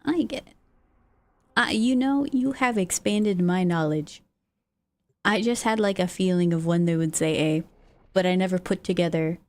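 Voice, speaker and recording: A woman's voice: lowish voice, normal speed, darkish tone. A woman streaming live, chatting casually and reacting to her chat's messages. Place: lives in the United States.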